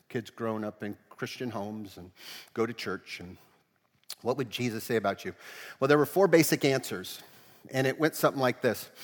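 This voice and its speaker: Animated preacher man in a reverberant church. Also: fairly low pitch. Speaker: pastor. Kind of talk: sermon.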